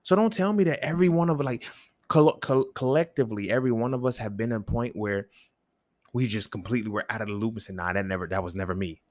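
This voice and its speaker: A young man hosting a solo podcast, talking in casual street slang with lots of profanity and rhetorical questions that jump up in pitch. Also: quick pace, a little mellow, no echo. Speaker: podcast host.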